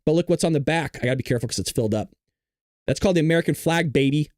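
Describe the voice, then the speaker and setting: A man hosting a live-streamed political news show, excitable and joking, arguing straight back at his chat. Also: fairly high pitch, racing, no room sound, studio quality. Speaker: livestream news host.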